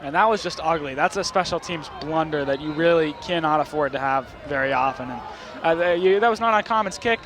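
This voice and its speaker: A young man calls a high school football game play-by-play, his slightly high voice climbing with excitement on long runs. The crowd murmurs clearly behind him, and steady outdoor noise fills the stadium. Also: fairly quick, hardly any pauses. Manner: excited rising calls on big plays. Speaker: play-by-play commentator.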